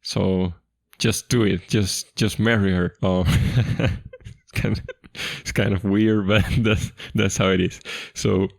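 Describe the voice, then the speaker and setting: Deep gravelly man explaining a folktale. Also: takes it slowly, dry recording, studio quality. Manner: relaxed, chatty, repeats himself while explaining. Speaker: language teacher. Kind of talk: explaining a folktale reading line by line.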